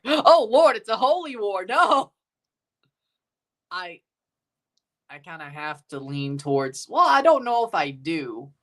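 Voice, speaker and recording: A man's voice: fairly high pitch, a bit bright. A man hosting a casual soccer watchalong livestream, rambling, chuckling and repeating himself as he reads out lineups and chats. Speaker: livestream host reading chat.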